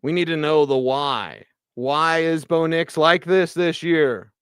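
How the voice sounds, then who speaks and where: A man hosting a postgame sports radio show, ranting with animated exasperation and sarcastic asides. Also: fairly high pitch, slow pace, clean tone, no room sound, clean studio sound. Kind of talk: postgame sports talk monologue.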